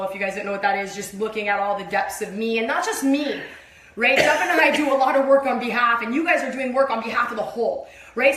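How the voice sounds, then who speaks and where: Animated high-voiced woman preaching. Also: roomy sound. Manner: animated, emphatic, swears and acts out exclamations. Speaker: co-host of a spiritual sermon. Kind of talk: livestreamed spiritual sermon, casual and emphatic.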